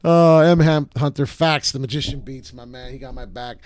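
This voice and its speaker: A man hosting a crypto live stream, talking loudly and excitedly to viewers, cursing and jumping from topic to topic. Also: mid-range voice, moderate pace, dry recording, clean studio sound. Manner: loud, hyped and profane, jumps between topics. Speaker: crypto video host.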